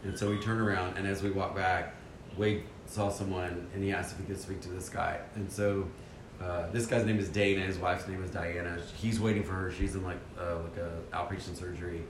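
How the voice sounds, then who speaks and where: Guy telling a church trip story, kinda low voice, laughs at himself, roomy echo. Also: brisk, noisy background. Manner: animated, acts out his own inner voice, self-deprecating. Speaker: church member sharing a mission trip story. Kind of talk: casual storytelling.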